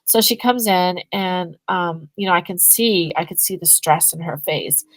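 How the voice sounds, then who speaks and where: A woman, a guest on a podcast interview, telling a story in a casual, animated way and acting out both sides of the conversations. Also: on the low side, normal speed, no room sound, low-quality recording. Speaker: guest, energy healing business owner.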